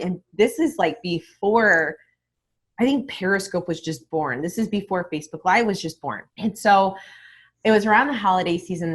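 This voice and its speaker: Woman, podcast guest, lower-pitched voice, candid, animated, swears casually, acts out conversations. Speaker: guest, online marketing mentor. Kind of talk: casual interview talk.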